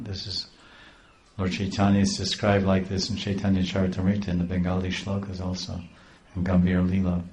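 A man's voice: deep voice, a little mellow, a little hiss or hum. A man telling a devotional story in a rambling, repeating way. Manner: rambling, with many restarts.

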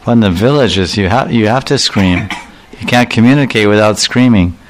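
A man's voice: lowish voice, moderate pace, slight background noise, poor audio. A man giving a devotional sermon, explaining verses and animatedly acting out the voices of the figures he describes. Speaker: religious speaker.

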